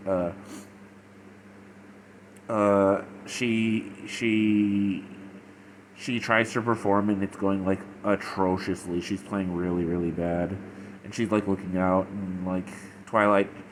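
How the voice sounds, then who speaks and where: A man's voice: fairly low pitch, slight background noise, poor audio. A young man casually retelling and reviewing a story, rambling and full of fillers. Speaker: fanfiction reviewer.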